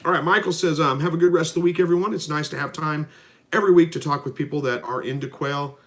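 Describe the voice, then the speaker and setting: A middle-aged man hosting a casual live stream, reading out viewer comments and answering in a relaxed, folksy way. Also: on the high side, fast. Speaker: livestream host answering viewer questions. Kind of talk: casual live Q&A about raising rabbits and quail.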